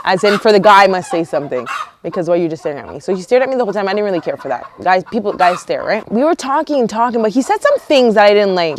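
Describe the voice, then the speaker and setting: A young woman from Canada vlogging outdoors, chatty and animated, telling a storytime with lots of quoted dialogue. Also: fairly low pitch, slight background noise. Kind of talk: casual storytime vlog. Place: outdoors near a yard with roosters and hens. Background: roosters and hens.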